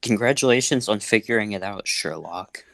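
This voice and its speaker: Deep-voiced young man, dry and teasing. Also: expressive, moderate pace, creaky, a bit bright. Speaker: player. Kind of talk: tabletop game play.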